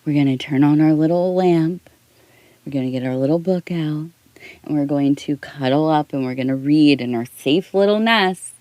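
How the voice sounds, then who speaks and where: A middle-aged woman giving a soft-spoken ASMR tea leaf reading, rambling and talking in circles, close to the mic. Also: deep voice, moderate pace, dry recording. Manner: rambling, talks in circles with restarts.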